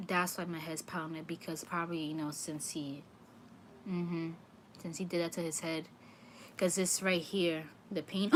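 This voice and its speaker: A woman's voice: sits low, flat delivery, moderate pace, fairly bright tone, a little hiss or hum. A woman giving a livestream tarot reading, talking earnestly and repeating phrases for emphasis. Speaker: tarot reader.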